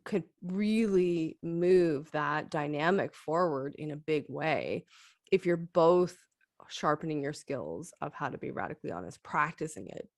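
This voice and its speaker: A woman's voice: sits low, lively intonation, a little slow, dry recording, clean studio sound. A woman co-hosting a casual talk, speaking in a thoughtful, candid way. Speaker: co-host. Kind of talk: casual chat.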